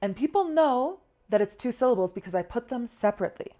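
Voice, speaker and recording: A woman teaching a language lesson, walking through spelling slowly step by step and repeating each example. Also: fairly high pitch, animated, warm tone. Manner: patient, slow step-by-step spelling drills.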